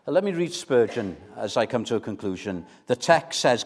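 A man preaching an evangelistic sermon, earnest and pleading, building to forceful appeals. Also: mid-range voice, big pitch swings, normal speed, hardly any pauses, husky.

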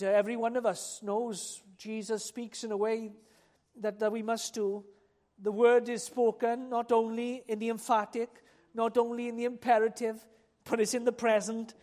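A preacher delivering a sermon, talking straight to the listeners with rhetorical questions and repeated phrases that build to loud, emphatic appeals. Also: mid-range voice.

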